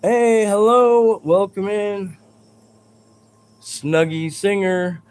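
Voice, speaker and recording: A man on a live stream who answers his chat in a combative, swearing rant. His voice sits a little high, and he lets the words come out slow and drawn. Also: darkish tone, smooth. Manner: combative and profane, ranting at chat.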